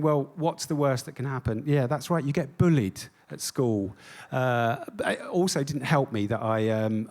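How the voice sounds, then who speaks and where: A man's voice: mid-range voice, a little mellow. A man giving a stage talk as an artist. He is self-deprecating and jokey, with many ums. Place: on stage before an audience.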